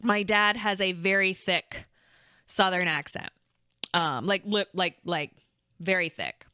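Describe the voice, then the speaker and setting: A woman's voice: on the low side, slow, sharp tone, clean tone, no room sound, clean studio sound. A young woman co-hosting a podcast, telling a story casually and rambling, full of "like" and restarts. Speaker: podcast co-host.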